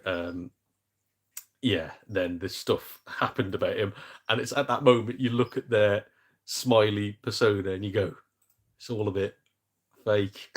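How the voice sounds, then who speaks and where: Husky man rambling casually. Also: on the low side. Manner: rambling, self-deprecating, jokey. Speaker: gaming YouTuber host. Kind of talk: casual live-stream chat.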